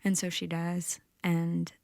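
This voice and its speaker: A woman's voice: lowish voice, monotone, slow, vocal fry, a little mellow, dry recording, studio quality. A woman singer-songwriter casually retelling a myth between songs, with plenty of fillers. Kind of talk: spoken storytelling between songs. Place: music session recording on a campus.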